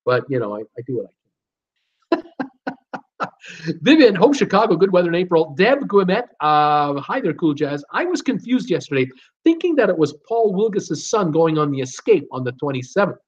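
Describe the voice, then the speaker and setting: Reading names and messages from his stream's chat, this man stays relaxed and chatty, laughing often and tripping over a few entries. His fairly high-pitched voice comes through dull audio.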